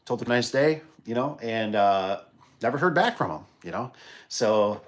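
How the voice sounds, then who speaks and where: A man's voice: mid-range voice, unhurried. A man who installs garage doors, casually telling a rambling work story on a livestream, full of restarts and acted-out dialogue. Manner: rambling, animated retelling with many restarts.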